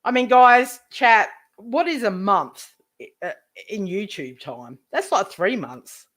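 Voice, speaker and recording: A woman's voice: mid-range voice, animated, takes it slowly, a bit bright. A woman live streamer ranting to her chat, indignant, swearing heavily and repeating herself.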